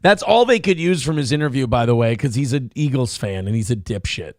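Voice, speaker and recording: A man's voice: mid-range voice, big pitch swings, a little fast, hardly any pauses, no room sound, clean studio sound. A man hosting a morning show, giving crude, mocking commentary on the news and swearing heavily. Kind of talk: profane comedic news commentary.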